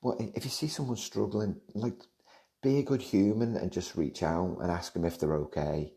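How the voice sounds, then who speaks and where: A man's voice: sits low, fairly even intonation, normal speed, vocal fry, warm tone. A middle-aged man from the Liverpool area with a Liverpool accent, hosting a podcast and answering listener questions in a rambling, digressive way that keeps breaking off mid-sentence. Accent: Liverpool English. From England, Liverpool area. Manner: rambling, digressive, self-interrupting. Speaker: podcast host.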